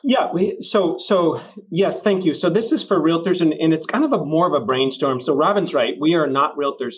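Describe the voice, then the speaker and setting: A middle-aged man, a mortgage lender, tells a rambling anecdote from his career. His voice sits a bit high for a man. The recording sounds dull and lo-fi. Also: moderate pace. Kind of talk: casual storytelling.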